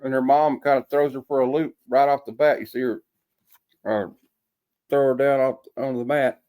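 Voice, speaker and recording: A man talks through a comic book in a loose, chatty way, pausing often with fillers as he thinks. His voice sits in an ordinary middle range, and he leans on folksy sayings. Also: medium pitch, steady tone, mellow. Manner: rambling, hesitant with many fillers. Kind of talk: casual comic review.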